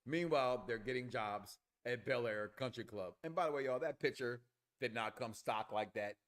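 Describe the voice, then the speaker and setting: A man co-hosting a casual review show, loud and playful, crude jokes, acting out the characters as he recaps. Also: mid-range voice, moderate pace.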